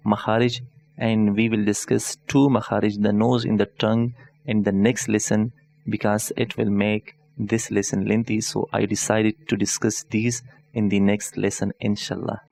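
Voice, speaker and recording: A man teaching an online lesson as a tutor, speaking patiently and deliberately, repeating each point in several ways and spelling out terms slowly. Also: lowish voice, flat delivery, gravelly, darkish tone. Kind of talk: explanatory lesson.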